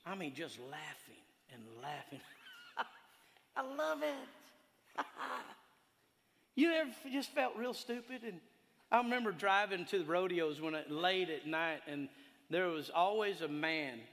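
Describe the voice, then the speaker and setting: A man preaching a sermon in a folksy, animated way, telling stories and laughing along with them. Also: on the high side. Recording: long hall reverb.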